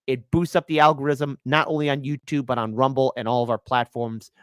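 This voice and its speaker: A man's voice: mid-range voice, brisk, clean tone, no echo, clean studio sound. A man hosting a live political commentary stream, reading out donations and mocking the clips he plays. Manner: animated, mocking, reads donations aloud. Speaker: livestream host.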